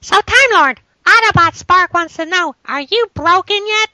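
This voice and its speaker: A man putting on the voice of a cheeky little robot toy who teases the podcast hosts in a very high squeak. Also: unhurried, sharp tone, dry recording, heavily acted. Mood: teasing. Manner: teasing, high-pitched squeaky.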